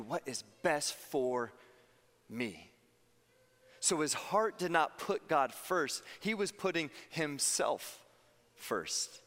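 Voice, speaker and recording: A man with a fairly high voice preaches a sermon as pastor. He tells stories animatedly, acting out the voices he quotes. His voice rings with a long hall reverb, as in a church sanctuary. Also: a bit bright.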